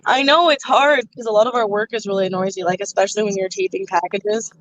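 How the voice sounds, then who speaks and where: A woman hosting a livestream, chatting casually and loudly over a phone from inside a noisy car. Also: medium pitch, steady tone, fast talker. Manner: loud, projecting voice. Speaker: livestream host. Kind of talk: casual chat.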